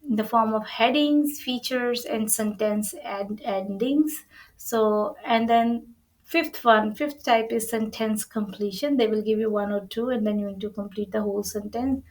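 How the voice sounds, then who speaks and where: A woman's voice: a little high, low-quality recording. A woman teaching an exam-prep lesson, explaining earnestly with many restarts and repeated phrases. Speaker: IELTS tutor.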